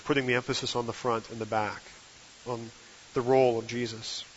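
A man preaching a measured, emphatic sermon. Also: medium pitch, flat delivery, muffled recording, slight background noise. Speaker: guest preacher.

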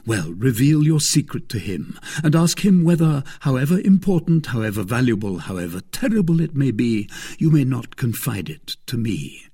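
A man's voice: medium pitch, sing-song, normal speed, few pauses, mellow, slightly rough. A man playing a bold, passionate young suitor, declaiming his devotion with earnest energy. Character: bold, ardent young male suitor, gallant.

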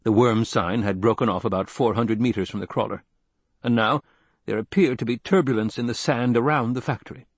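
Husky male audiobook narrator. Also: mid-range voice, a little fast, dry recording. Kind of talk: scripted narration.

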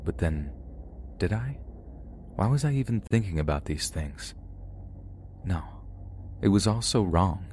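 Very deep-voiced man narrating horror. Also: a little mellow, a little hiss or hum. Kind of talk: scripted horror story narration.

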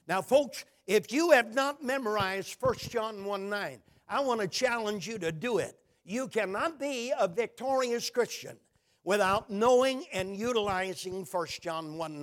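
A male preacher delivering a sermon, speaking emphatically and asking his congregation questions. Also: high voice.

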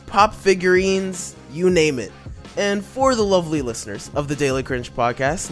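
A man's voice: a little high, a bit bright. Upbeat man reading a sponsor ad. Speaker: podcast host reading an ad. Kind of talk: sponsor read.

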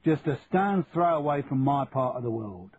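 In a medium-pitched, darkish and slightly rough voice with lively intonation and normal speed, a man takes on the role of a chummy, shrewd Cockney businessman aged sixty-four, trading blunt, matey banter. There's no room sound, just tinny lo-fi audio and a faint hiss.

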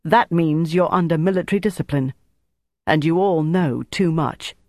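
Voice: mid-range voice, moderate pace, darkish tone, no room sound, clean studio sound, close to an everyday voice. An audiobook reader voicing a commanding young woman who leads a wartime team, firm and impatient. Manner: firm and bossy.

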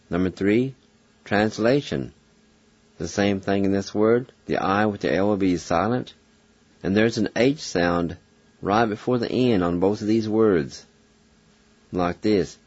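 A man teaching a language lesson, spelling out words and repeating each syllable slowly and patiently. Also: on the low side, a little mellow, no room sound. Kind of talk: slow spelled-out pronunciation lesson. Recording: dull dry lo-fi recording.

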